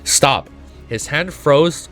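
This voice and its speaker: A man streaming himself reading a web novel aloud, breaking into emotional, profane, excited reactions. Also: fairly high pitch, extremely slow, faint music behind. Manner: emotional, swears often, gushes in excited outbursts.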